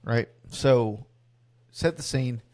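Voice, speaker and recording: A man's voice: medium pitch, slow pace, a little mellow. A man co-hosting a casual sports podcast, telling a rambling story with restarts and casual swearing. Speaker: podcast co-host.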